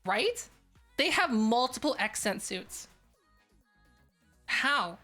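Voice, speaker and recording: A woman's voice: fairly high pitch, big pitch swings, slow pace, bright, forceful tone, soft background music. A woman streaming live, chatting casually and rambling with lots of fillers. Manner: rambling, filler-heavy, restarts often.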